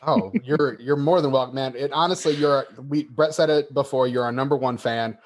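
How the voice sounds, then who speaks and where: A man's voice: medium pitch, moderate pace. Chatty man hosting a podcast. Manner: chatty and friendly. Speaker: podcast host. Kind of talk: casual podcast chat.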